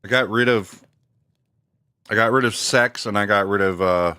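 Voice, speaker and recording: A man's voice: fairly low pitch, normal speed, bright, forceful tone, clear, resonant tone, dry recording, studio quality. A middle-aged man streaming a game, chatting casually in slangy talk and laughing often. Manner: laid-back slangy, laughs a lot. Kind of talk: casual live-stream chat.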